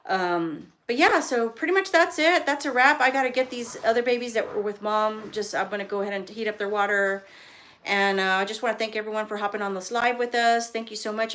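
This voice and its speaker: A woman's voice: mid-range voice, fairly bright tone. Chatty woman breeder on a phone live. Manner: chatty and rambling, with frequent ums and restarts. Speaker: dog breeder and kennel owner. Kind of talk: casual live stream, reading viewer comments. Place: home bedroom with a whelping box, indoors.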